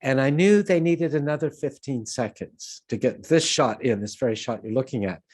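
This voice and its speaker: A man's voice: medium pitch, moderate pace, darkish tone, husky. An older man from Canada giving an online conference talk on filmmaking, telling anecdotes in a digressive, self-deprecating way over a video call. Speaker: film producer and lecturer.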